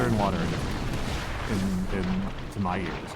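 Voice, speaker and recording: A man's voice: deep voice, normal speed, very noisy. An American man chatting casually with viewers on a stream, rambling and self-deprecating, with many restarts. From United States. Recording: music playing behind the voice. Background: music.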